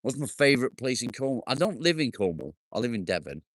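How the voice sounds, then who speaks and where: A man's voice: medium pitch, very animated, fast talker, no room sound, clean studio sound. A man hosting a casual live stream outdoors in his garden, bantering with viewers, joking, and swearing now and then. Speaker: livestream host.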